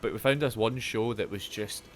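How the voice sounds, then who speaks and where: A man's voice: fairly low pitch, fairly even intonation, normal speed, soft background music. Teasing man co-hosting a podcast. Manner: teasing, jokey. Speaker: podcast co-host. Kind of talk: casual chat. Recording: clicks and clear background noise.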